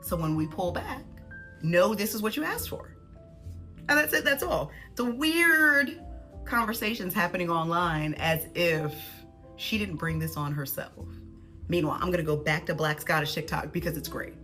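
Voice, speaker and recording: A woman from the United States giving casual, animated and sarcastic commentary. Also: fairly low pitch, moderate pace, soft background music. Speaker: social media commentator.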